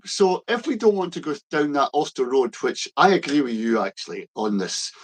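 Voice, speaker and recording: A Scottish man co-hosting a political discussion, blunt and emphatic, often halting and restarting. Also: a little high, lively intonation, slightly rough. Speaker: co-host.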